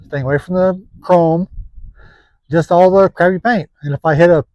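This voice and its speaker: Casting note: plain-spoken man, slightly high voice, dry close mic, easygoing joking how-to delivery. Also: fairly even intonation, normal speed, darkish tone, no room sound, highs cut off. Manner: folksy, joking, rambling. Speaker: classic car seller. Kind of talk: casual how-to vlog.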